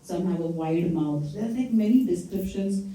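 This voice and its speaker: In an echoey temple hall, recorded by a distant mic, a woman gives a lecture, retelling scripture stories conversationally and quizzing her listeners. Her voice is on the low side and dark, with lively intonation, a moderate pace, and a little hiss or hum.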